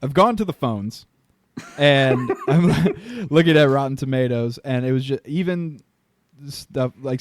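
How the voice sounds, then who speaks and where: A man's voice: mid-range voice, no echo. A man hosting a podcast in casual chat, joking and laughing often. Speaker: podcast host.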